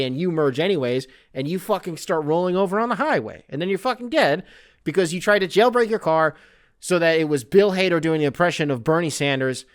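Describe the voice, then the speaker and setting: Animated, profane male podcast host. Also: a little high. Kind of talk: casual comedic monologue.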